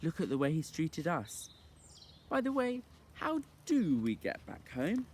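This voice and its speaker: A brisk, confident young boy , voiced by a man reading aloud talks in a bright, slightly raised voice. His pitch moves lively as he speaks. Quiet outdoor sounds sit faintly behind the storybook reading. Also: slight background noise. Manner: bright, lightly raised boyish voice. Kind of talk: audiobook reading.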